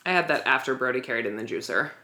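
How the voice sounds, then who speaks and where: A woman's voice: very deep voice, expressive, very fast, pushed and bright. A woman co-hosting a podcast, recapping a TV episode in a chatty, candid way and laughing easily. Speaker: podcast co-host. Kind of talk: casual TV recap chat.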